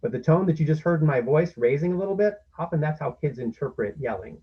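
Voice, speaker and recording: A man's voice: a little high, lively intonation, quick pace, husky, muffled recording. A man presenting a parenting workshop, explaining step by step and acting out what parents can say. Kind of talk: instructional talk.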